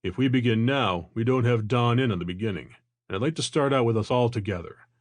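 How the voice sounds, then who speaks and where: A man's voice: mid-range voice, a little fast, no room sound, lightly acted. A male narrator voicing an older therapist who stays unperturbed and good-humored. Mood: calm. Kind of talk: audiobook character voice.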